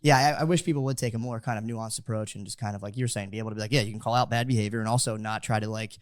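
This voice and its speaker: A man from the United States talks quickly in loose podcast chat. He rambles and restarts, with filler words all the way through. The mic is close and the sound dry, with no room in it. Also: fairly low pitch, steady tone, dry recording. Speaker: podcast co-host. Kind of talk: casual chat.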